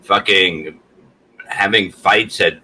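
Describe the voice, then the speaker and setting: A man's voice: deep voice, takes it slowly, sharp tone, a little hiss or hum. A man co-hosting a comedy podcast, cracking profane jokes in casual chat. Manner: wisecracking, profane. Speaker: comedian co-host.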